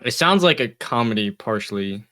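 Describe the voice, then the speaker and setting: A young man in his twenties chats casually with friends on a podcast. His voice sits at a middle pitch. He hesitates often and leans on fillers while he thinks. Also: expressive, normal speed, fairly bright tone. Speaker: podcast co-host.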